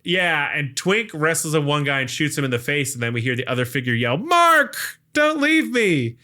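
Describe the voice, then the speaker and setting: A man's voice: a little high, steady tone, fast, sharp tone. A man hosting a podcast, casually retelling a film's plot in a rambling way with plenty of fillers. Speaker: podcast host. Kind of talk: casual movie recap.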